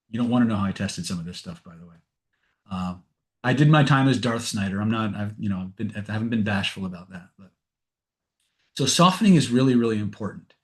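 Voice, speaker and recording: A man teaching an online webinar on persuasion techniques in a conversational way, with frequent fillers, restarts and frank asides. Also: medium pitch. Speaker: NLP and hypnosis trainer.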